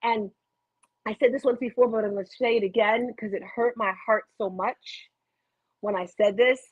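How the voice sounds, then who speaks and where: A woman's voice: on the high side, steady tone, moderate pace, slightly rough, dry recording. A middle-aged woman hosting a rambling live motivational talk, chatty and prone to tangents, telling stories animatedly into her computer webcam at home. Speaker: motivational host. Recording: tinny phone-like dry audio.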